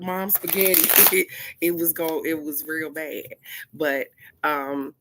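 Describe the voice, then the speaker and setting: A woman's voice: low voice, background noise. A woman hosting a casual talk, telling stories animatedly and speaking straight to her viewers with frank, casual swearing. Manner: animated storytelling, addresses viewers directly. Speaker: host of a card-of-the-day talk. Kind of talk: casual chat.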